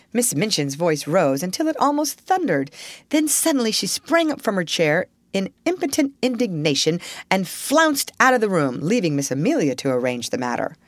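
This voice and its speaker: A woman narrating a story as an audiobook, in an expressive storytelling manner. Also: low-pitched, dry recording.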